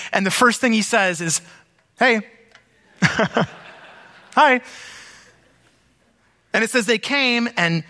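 Male pastor, sermon, higher voice with a bright edge, chatty asides between scripture readings. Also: in a large hall.

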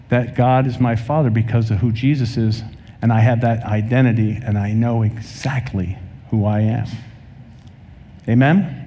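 A man preaching a sermon to a congregation, telling stories and acting out the people in them with lively energy. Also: mid-range voice. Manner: animated preaching, acts out dialogue in anecdotes. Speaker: pastor. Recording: long hall reverb.

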